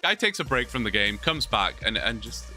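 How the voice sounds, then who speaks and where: A man's voice: medium pitch, sing-song, normal speed, pushed and bright, soft background music. A British man from England, chatting casually and joking with viewers during a live gaming stream. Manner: chatty, joking, many restarts.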